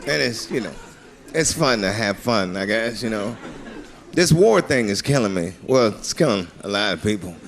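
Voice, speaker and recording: A man doing a stand-up routine in a comedy club, rambling loosely and breaking into shouted high-pitched bits. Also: lively intonation, normal speed, a crowd in the background. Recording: live club recording with audience laughter and noise.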